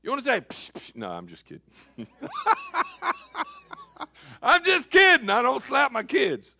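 A man preaching a sermon as pastor, switching between loud calls and quiet asides. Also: very high-pitched, huge pitch swings, measured pace, creaky, a little hiss or hum.

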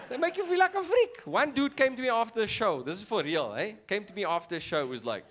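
A man with a South African accent performing a stand-up set, animated and playful with mocking asides. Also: sits high, brisk, few pauses. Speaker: stand-up comedian.

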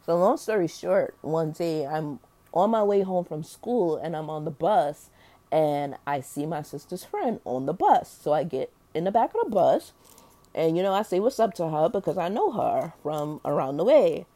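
A woman's voice: sits low, expressive, normal speed, mellow. A young adult woman telling a personal story in a candid, slangy, rambling way, full of fillers and explicit language. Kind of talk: casual storytelling.

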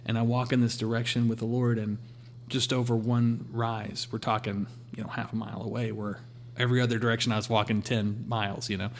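Man, storytelling testimony, mid-pitched voice, faint hum behind. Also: a little fast, hardly any pauses. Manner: storytelling, quotes God in a calm voice. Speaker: guest sharing a testimony. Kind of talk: conversational testimony.

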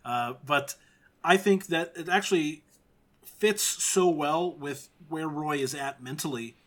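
Higher-pitched man defending a film. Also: slow pace, fairly bright tone. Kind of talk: casual film discussion.

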